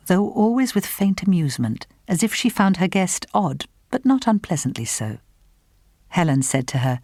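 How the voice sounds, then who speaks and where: A woman narrating a literary novel in an audiobook, with measured, even storytelling. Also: deep voice, slightly rough, dry recording, studio quality.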